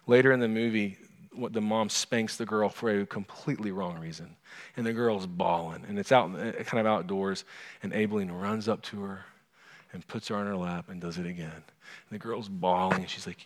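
A pastor preaching in a church sanctuary, his low voice trailing off in a long hall reverb. He speaks earnestly, moving from storytelling to a soft, prayerful tone. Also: normal speed. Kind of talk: sermon and closing prayer.

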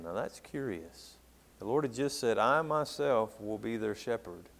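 A man preaching a sermon and reading scripture aloud, growing loud on key words and falling quiet at the ends of phrases, with questions to the congregation. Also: mid-range voice, animated, measured pace, gravelly. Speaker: pastor.

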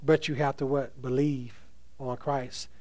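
A man's voice: mid-range voice, level tone, unhurried, a little mellow. A man preaching a sermon, reading scripture aloud and asking the congregation questions with emphasis. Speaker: pastor.

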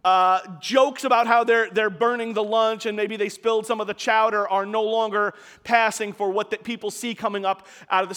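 A man's voice: sits high, fairly bright tone, in a large hall. A man preaching a sermon, telling a story in a conversational way with casual asides to the congregation.

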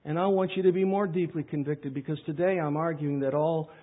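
A pastor preaching a sermon, swinging from loud pleading questions to quiet asides. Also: male voice, fairly high pitch, steady tone, a little fast. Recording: tinny phone-like sound.

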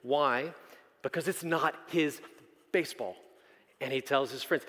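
Animated man preaching in an echoey hall. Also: medium pitch, measured pace. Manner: animated storytelling, acts out characters. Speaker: pastor. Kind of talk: sermon.

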